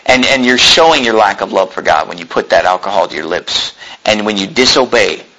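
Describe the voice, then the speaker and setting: Fervent husky-voiced male preacher. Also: animated, a little fast, poor audio. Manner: fervent preaching that swings from loud emphatic peaks to low asides; reads scripture aloud in King James wording. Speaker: pastor. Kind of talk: sermon.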